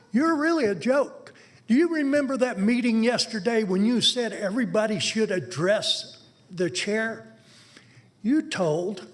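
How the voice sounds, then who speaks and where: A man giving an angry, insulting public comment at a county board meeting, speaking at a podium microphone. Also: sits high.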